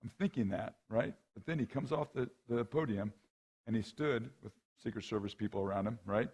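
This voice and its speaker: Here the guest speaker, a middle-aged rowing coach, has a fairly low, husky voice with vocal fry and talks a little fast, and the sound is lo-fi. At the men's conference he spins conversational stories, playing out the people in them with energy and asking "right?" and "okay?" often.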